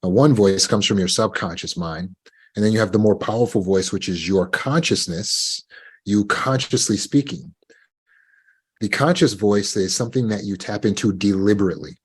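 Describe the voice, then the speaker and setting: Self-help speaker, male, husky low voice, measured delivery with rhetorical questions. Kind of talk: motivational talk.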